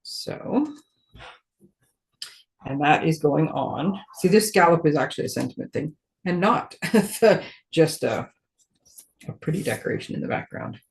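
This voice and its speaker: Speaking a little slowly with long pauses, this woman has a low, expressive, creaky voice as she runs a relaxed live crafting demonstration. She talks viewers through every step, thinks aloud while her hands work, and makes easygoing, self-deprecating jokes about being clumsy.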